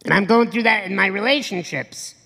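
Motivational speaker on stage, blunt and profane, gravelly edge, long hall reverb. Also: medium pitch, fairly quick, bright, forceful tone. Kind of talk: live motivational stage talk.

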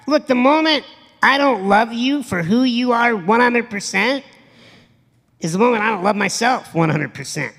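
Motivational speaker on stage, blunt and profane, gravelly edge, long hall reverb. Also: medium pitch, animated, normal speed, a bit bright. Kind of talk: live motivational stage talk.

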